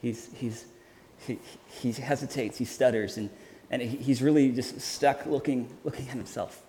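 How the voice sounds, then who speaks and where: A man preaching a sermon in an earnest, halting way, often restarting his sentences. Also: medium pitch, fairly even intonation, dark tone, a little hiss or hum. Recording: hall reverb with faint ambience.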